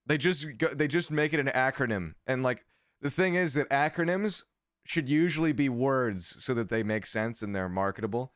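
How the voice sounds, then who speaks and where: A male streamer reads his chat aloud and fires back with sarcastic, profanity-heavy commentary in a casual livestream. His medium-pitched voice is clear, resonant and fairly bright, moving at a moderate pace. The studio recording is clean with no echo.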